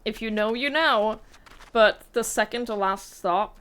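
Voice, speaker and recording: A woman's voice: a little high, measured pace, a bit bright, smooth. A young woman streaming a game, chatting in a rambling, giggly way and swearing casually. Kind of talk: casual chat while gaming.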